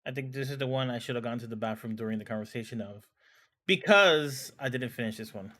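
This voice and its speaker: A man's voice: mid-range voice, fast talker, fairly bright tone. A man on a podcast panel, hesitant and apologetic as he talks. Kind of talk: casual podcast chat.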